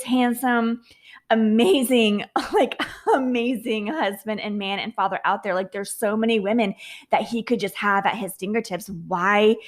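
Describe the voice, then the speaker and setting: A woman in her thirties, a confidence coach and podcast host, talking earnestly and confessionally in a personal monologue, often repeating words and restarting. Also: a little high.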